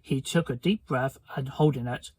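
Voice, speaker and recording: A man reading a children's book aloud, slowly and carefully, stumbling over words now and then. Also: medium pitch, a little mellow, slightly rough, dry recording, poor audio. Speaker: storybook reader.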